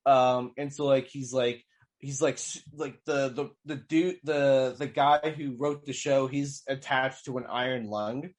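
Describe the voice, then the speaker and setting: On a podcast, a male co-host rambles through a casual film review, stumbling over fillers and restarting often. His mid-range voice holds a steady tone at a measured pace.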